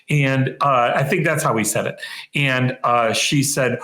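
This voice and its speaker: A man's voice: medium pitch, fairly even intonation, measured pace, fairly bright tone, echoey room. A middle-aged man, an interviewer, telling a long anecdote in a casual, rambling way and correcting himself as he goes. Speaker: interviewer, practice marketing co-founder.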